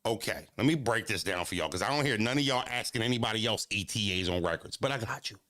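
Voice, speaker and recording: A man who is a battle rapper, ranting casually to his live-stream chat, animated and repetitive, swinging from low mutters to high exclamations. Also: quick pace, no room sound.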